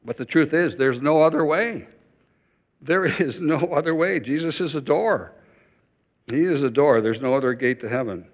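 A man's voice: a little high, moderate pace, in a large hall. A man preaching a sermon as pastor, urgent and emphatic, repeating key phrases for weight.

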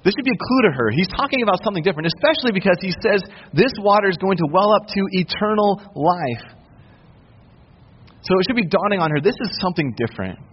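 A man preaching a sermon, explaining scripture in a relaxed, conversational way and retelling the story in everyday words. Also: high voice, quick pace, breathy edge. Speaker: pastor. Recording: roomy reverb, muffled lo-fi sound.

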